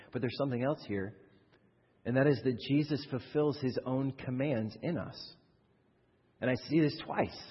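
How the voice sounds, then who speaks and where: A man's voice: medium pitch, slightly rough. A man preaching a sermon in a conversational style, asking rhetorical questions and growing more fervent. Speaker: pastor. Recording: dull audio with long hall reverb.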